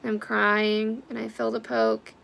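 Woman, candid vlog, blunt, heated, swears freely, very gravelly fry. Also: a little high, level tone, slow, a bit bright. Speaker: vlogger sharing a personal health update.

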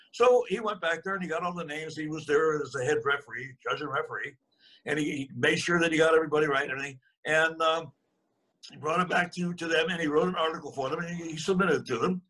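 An elderly man in his eighties tells a story in a husky, slightly raised voice with a bright, forceful edge. He wanders, restarts and chuckles as he talks, in an easy conversational way. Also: fairly high pitch, fast talker. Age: 80s. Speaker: guest. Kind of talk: casual storytelling.

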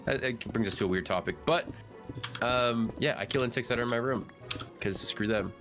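A man with a middle-pitched voice rambling through an idle thought on a gaming stream. Loud music plays clearly behind him, and he pads his talk with fillers. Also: brisk. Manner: rambling, musing, many fillers. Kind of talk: casual gaming stream chat.

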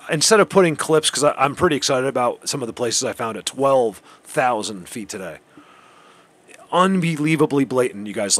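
A man vlogging outdoors on a mountain road, rambling excitedly to his viewers from a helmet camera. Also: medium pitch. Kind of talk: casual outdoor vlog.

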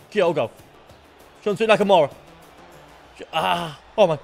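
A young man with a high, lively voice calls his own football video game match. He mutters quietly between plays and then erupts into excited shouts, with faint game music behind him. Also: unhurried, creaky, long pauses. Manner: excitable, swings from low muttering to shouted outbursts. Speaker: gaming YouTuber. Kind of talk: live gameplay commentary.

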